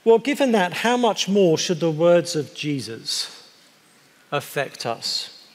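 A man preaching a sermon in a conversational, wry way, slowing down to stress key words. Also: fairly high pitch, big pitch swings. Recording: long hall reverb.

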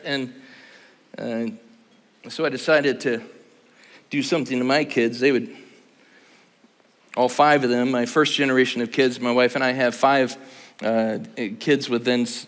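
A man's voice: medium pitch, a bit bright. A man in his sixties preaching a conference sermon, telling stories animatedly and with humor. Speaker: pastor. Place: large conference hall. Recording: long hall reverb.

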